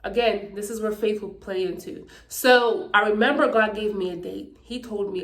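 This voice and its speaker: A woman's voice: mid-range voice, moderate pace, few pauses, roomy sound. A woman from Pittsburgh talking casually and emphatically to her vlog viewers, often checking in with "okay?". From Pittsburgh, Pennsylvania, USA. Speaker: YouTuber. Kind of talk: casual faith testimony vlog.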